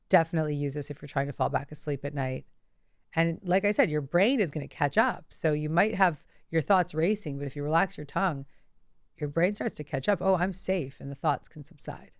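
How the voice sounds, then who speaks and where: Low, gravelly woman guiding relaxation. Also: no room sound, studio quality. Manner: soft, slow coaching with breath cues. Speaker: self-help teacher. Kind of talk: guided relaxation instruction.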